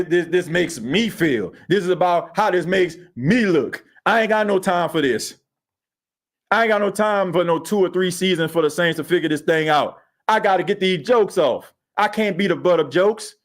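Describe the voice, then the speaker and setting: A man hosting a sports podcast, talking in an animated, slangy way and reacting to viewer comments. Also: on the high side, normal speed. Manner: animated, slangy, reads chat comments aloud. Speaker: podcast host.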